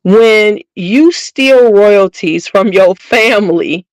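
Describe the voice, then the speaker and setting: A woman's voice: medium pitch, slow pace, dry recording, rough recording. A middle-aged woman hosting her channel, chatting casually and bluntly with viewers in a gossiping, slangy way. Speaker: beauty channel host.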